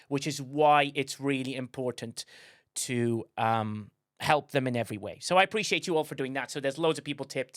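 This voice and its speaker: A man's voice: mid-range voice, a bit bright, no room sound, clean studio sound. A man hosting a casual livestream, rambling with many fillers and repeats. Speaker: livestream host.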